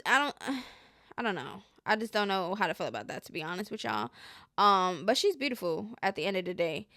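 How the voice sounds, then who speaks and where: A woman's voice: mid-range voice, pushed and bright, no room sound, studio quality. A woman hosting casual gossip commentary, chatty and slangy, often trailing off with hesitant asides.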